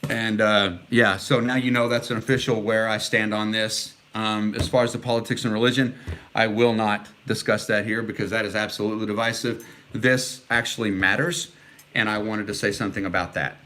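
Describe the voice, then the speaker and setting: A middle-aged Texan man chats casually but earnestly on a livestream, rambling with lots of fillers while answering viewers' comments. His voice is on the low side and bright, with a level, forceful tone and a slightly fast pace.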